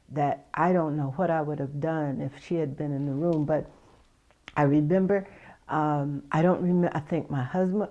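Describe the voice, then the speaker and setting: A middle-aged woman, a mother, giving halting, emotional testimony in an interview and retelling the conversations she had. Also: deep voice, warm tone, lo-fi sound.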